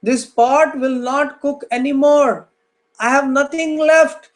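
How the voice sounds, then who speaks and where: A man voicing a desperate young woman who pleads in tears, raising his voice into slow, drawn-out cries. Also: very high voice, steady tone, pitched above the performer's own voice. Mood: despairing.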